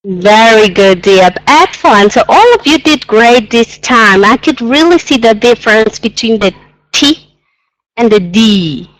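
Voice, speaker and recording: A woman's voice: on the high side, lively intonation, unhurried, a bit bright, low-quality recording. A woman teaching an English pronunciation lesson, patiently repeating sounds and exaggerating them so learners can hear.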